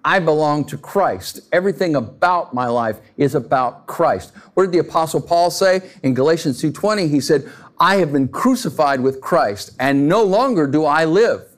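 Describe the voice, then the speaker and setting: Animated man preaching a conversational sermon. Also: on the high side, normal speed. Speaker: pastor.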